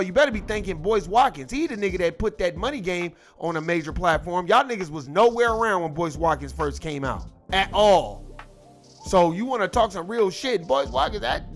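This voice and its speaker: High, lively, irritated ranting man. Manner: irritated, cussing, repeats himself. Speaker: commentary host. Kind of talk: profane ranting commentary.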